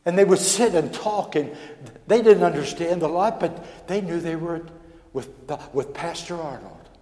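A male pastor telling a folksy, animated story in a sermon, acting out the dialogue. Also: a little high, a little slow. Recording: echoey hall with long reverb.

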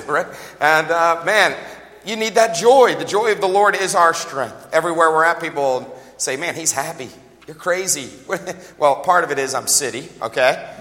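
A man in his forties preaching a revival sermon, lively and joking, often laughing and calling out to the congregation. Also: fairly high pitch, long reverb tail. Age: 40s.

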